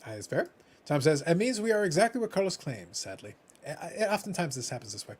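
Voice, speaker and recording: A Canadian man chatting on a live stream, reading viewer comments and answering them with dry, teasing sarcasm. His voice sits a little high and swings widely in pitch. He drops to a mutter, then rises to mock-dramatic outbursts. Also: very animated, fast talker, darkish tone, husky. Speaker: co-host reading chat. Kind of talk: casual live-stream chat.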